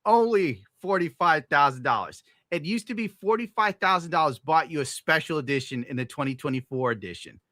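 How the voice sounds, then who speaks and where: A young adult man hosts a casual livestream, talking fast with few pauses in a bright, forceful voice, recorded dry with clean studio sound. He's a podcast host on an exasperated, sarcastic rant, swearing often and suddenly bursting into high-pitched outrage.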